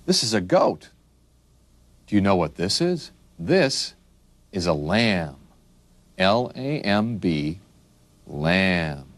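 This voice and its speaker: A man slowly naming animals for young children in a patient, sing-song teaching voice and asking the listener questions. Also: deep voice, very animated, dry recording. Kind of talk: children's picture-book narration.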